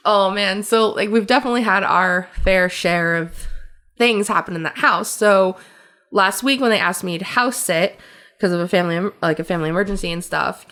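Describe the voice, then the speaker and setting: A woman co-hosting a podcast, telling stories in a casual, animated way with frequent laughter and lots of fillers. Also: mid-range voice, moderate pace. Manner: animated storyteller, laughs often, many fillers. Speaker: podcast co-host. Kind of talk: casual chat.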